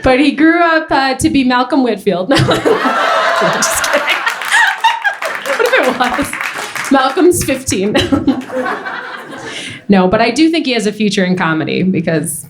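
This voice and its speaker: Young female stand-up comic, animated storyteller, roomy club mic. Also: sits high. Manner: animated storytelling, quick asides. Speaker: stand-up comedian. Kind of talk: stand-up set. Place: comedy club stage. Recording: roomy club with faint noise.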